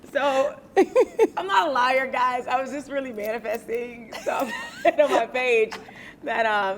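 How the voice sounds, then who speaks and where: A woman's voice: high-pitched, measured pace, a little hiss or hum. A middle-aged woman from Atlanta, a guest on a talk show, telling stories with frequent laughter. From Atlanta, USA. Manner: animated storytelling, laughs often. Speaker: guest, TV and radio personality. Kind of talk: casual interview chat.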